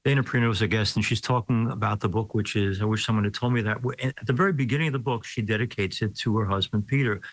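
A man's voice: fairly low pitch, fast talker, hardly any pauses, dry recording, poor audio. A middle-aged man hosting an interview, asking questions in a chatty, conversational way. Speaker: host.

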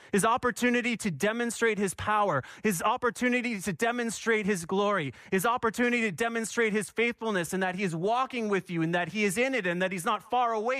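Guy preaching a sermon, fairly high voice, keeps repeating lines, asks the crowd stuff. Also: a bit bright, no room sound, studio quality. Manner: passionate, repeats for emphasis, asks the congregation questions. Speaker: pastor.

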